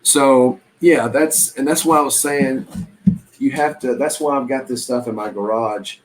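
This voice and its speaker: Speaking at an unhurried medium pitch, this Southern US man rambles about reselling on a casual live stream, dropping plenty of ums and starting over repeatedly. The audio quality is low.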